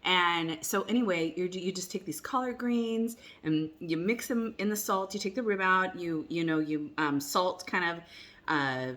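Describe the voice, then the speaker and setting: At home, a cooking vlogger does a relaxed taste test, rambling chattily with plenty of fillers and restarts and occasionally talking through a mouthful. She has a lowish, fairly bright voice and an unhurried delivery.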